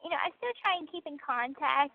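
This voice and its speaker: High-voiced woman on a tinny phone line. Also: expressive, fairly quick, vocal fry. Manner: chatty, laughs often, many fillers. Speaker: inmate on a prison call. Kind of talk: casual phone chat.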